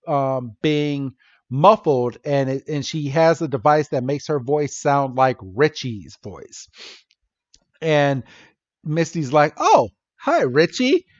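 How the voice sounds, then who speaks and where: A man's voice: a little high, no echo, dull audio. A man co-hosting a podcast, chatting casually and laughing as he retells scenes with quoted voices. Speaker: podcast co-host. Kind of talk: casual chat recapping an episode.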